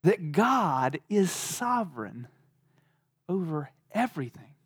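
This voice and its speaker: High-voiced man giving a casual Bible lesson. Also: very animated, takes it slowly, slightly rough, no echo, studio quality. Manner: conversational, laughing, many "like" fillers. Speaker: Bible teacher.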